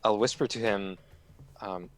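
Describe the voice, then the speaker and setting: A man's voice: on the low side, slow, a bit bright. A man playing a tabletop game, talking hesitantly and chuckling as he plans moves. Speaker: player. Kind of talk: casual tabletop play.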